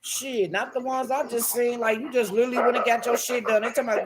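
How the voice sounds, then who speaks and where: A man's voice: very high-pitched, quick pace, heavy background noise. A man ranting casually about online streamers, telling stories full of profanity and laughter, and acting out what other people said. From Washington DC. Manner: animated, profane storytelling with lots of laughter; acts out other people's quotes in shifting voices. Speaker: YouTube commentator.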